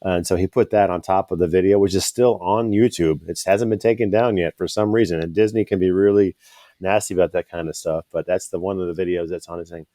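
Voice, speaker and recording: Casting: low, mellow-voiced man, rambling casual storyteller, curses a lot, dry close sound. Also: steady tone, a little fast, no echo. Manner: rambling storyteller, swears freely. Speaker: band member and podcast co-host. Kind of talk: casual podcast chat.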